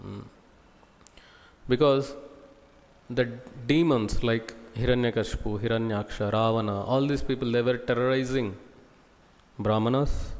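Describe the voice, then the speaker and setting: Indian English man, deliberate storytelling preacher, middle pitch, long temple-hall reverb. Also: darkish tone. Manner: slow, deliberate, with lists and pauses. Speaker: devotional speaker. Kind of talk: scripture class storytelling.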